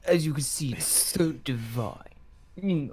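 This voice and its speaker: A man voicing a prim, fussy British gentleman with a put-on posh British accent, in improvised comedic role-play on a stream. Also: a little high, close to an everyday voice. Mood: pompous. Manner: pompous, slow and savoring.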